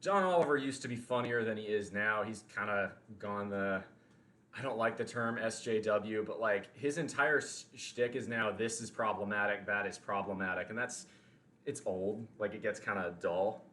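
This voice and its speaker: A man's voice: lowish voice, normal speed, pushed and bright, low-quality recording. A man with a Southern American accent chatting casually on a livestream, joking, teasing and answering his chat. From Deep South of the US.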